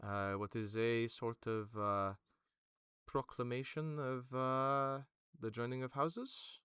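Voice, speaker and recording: A man voicing a solemn young crown prince who speaks formally and quietly. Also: fairly even intonation, takes it slowly, clean tone, no echo, studio quality. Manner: low, quiet, formal speech.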